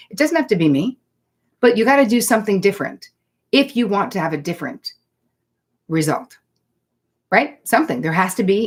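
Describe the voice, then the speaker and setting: A woman psychotherapist hosting a live online Q&A, talking in a chatty, direct way and reading viewer comments aloud. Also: medium pitch. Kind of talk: live-streamed Q&A, casual and direct.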